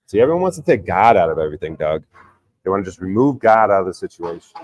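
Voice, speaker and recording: Deep-voiced man ranting on a livestream. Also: lively intonation, quick pace. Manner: argumentative, insistent, swears a lot. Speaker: livestream host reading chat. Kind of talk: casual profane livestream rant.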